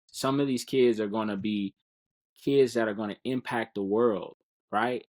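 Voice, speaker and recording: A man's voice: mid-range voice, darkish tone. A man speaking as a guest in a casual podcast interview, earnest and encouraging, often repeating words while he finds them.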